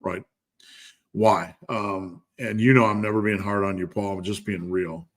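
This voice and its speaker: A man's voice: fairly low pitch, fairly even intonation, unhurried. A man hosting a live stream Q&A as a strength coach, talking candidly and bluntly with lots of fillers.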